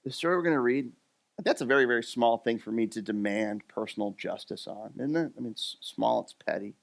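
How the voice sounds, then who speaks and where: In church, a male pastor from the US East Coast tells a story during his sermon in a chatty, animated way, full of fillers and restarts. His medium-pitched voice is gravelly, and he talks fairly quickly.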